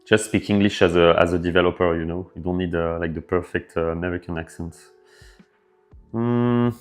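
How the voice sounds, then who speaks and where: A man with a French accent, hosting a casual developer livestream and answering viewer questions in a relaxed way with lots of fillers. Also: low-pitched, normal speed. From France. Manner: relaxed, filler-heavy, thinking aloud. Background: faint background music.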